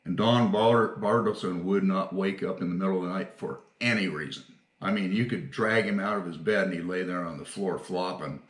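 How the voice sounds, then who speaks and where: An older retired firefighter telling stories in a casual interview, folksy and quick to laugh. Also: male voice, low-pitched, reverberant.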